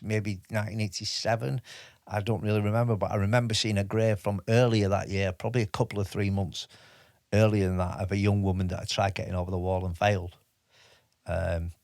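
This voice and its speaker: Man in his fifties, low voice, halting stop-start storytelling, dry close mic. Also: vocal fry, darkish tone, no echo. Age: 50s. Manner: halting, with many restarts and fillers. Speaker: podcast guest, army veteran. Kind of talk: casual interview storytelling.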